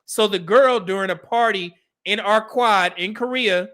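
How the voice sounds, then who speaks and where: A man's voice: high voice, a little slow, sharp tone. A middle-aged man from California, hosting a casual commentary stream and giving blunt, profane advice. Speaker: host.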